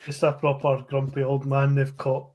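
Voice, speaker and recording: A man's voice: medium pitch, monotone, moderate pace, a little mellow. A Scottish man co-hosting a beer podcast, dropping dry one-liners in casual chat. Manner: dry wisecracks. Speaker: podcast co-host.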